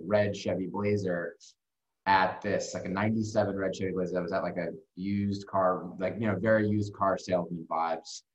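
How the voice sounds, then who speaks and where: Guesting on a show, a man who directs music videos rambles through a lengthy story, swearing often and filling it with fillers. He has a low-pitched voice. The audio is dull and echoes around the room.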